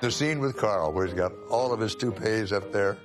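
A man's voice: lowish voice, normal speed, over loud music. A man reminiscing conversationally in an interview.

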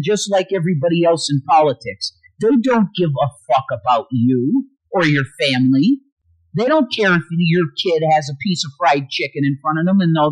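A man with a high voice hosts a livestream on a low-quality recording. He rants angrily with constant swearing, swinging between loud and quiet.

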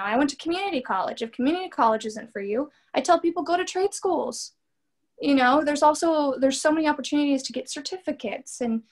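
A woman in her thirties, a doctoral student and therapist, speaking as an interview guest in an earnest, animated way with plenty of fillers. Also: on the high side. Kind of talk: candid conversational interview.

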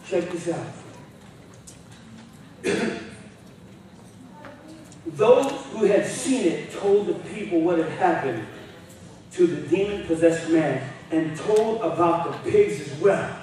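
A man preaching a revival sermon in street slang, often shouting his points. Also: a little high, animated, slow, long pauses. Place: church sanctuary. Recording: echoey hall, distant mic.

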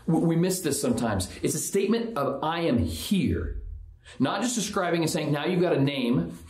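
A man's voice: on the high side, lively intonation, brisk, a little mellow, roomy sound. A man giving a conversational sermon as a pastor, often restarting and repeating words. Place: church.

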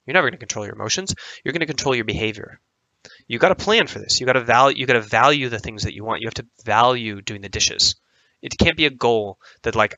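A young man with a bright, forward voice talks through a viewer's question like a coach, pressing his points with repetition and plenty of fillers. The sound is dry and close, with no room around it. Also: medium pitch, expressive, quick pace, dry recording, rough recording. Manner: emphatic, repeats lines, lots of fillers. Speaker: sport psychology coach and show host. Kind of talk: answering viewer questions, casual monologue.

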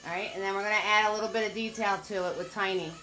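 A woman's voice: medium pitch, steady tone, rapid-fire, sharp tone, faint music behind. An older woman giving a live painting lesson, upbeat, chatty and encouraging. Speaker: painting instructor.

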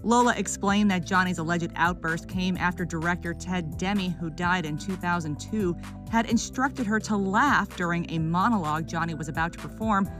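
A woman's voice: medium pitch, a bit bright. Woman reading entertainment news over music. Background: music bed.

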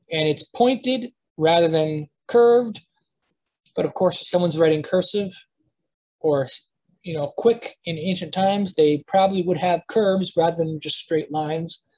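This live online lesson comes from a language teacher with a mid-range voice and darkish tone, sharing the screen throughout. The step-by-step explanation is halting, with repeated restarts and quick checks with the class.

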